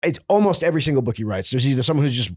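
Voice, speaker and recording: A man's voice: medium pitch, animated, racing, a little mellow, slightly rough, no room sound, clean studio sound. A man chatting on a casual podcast as a guest, talking loosely with plenty of hedges and fillers.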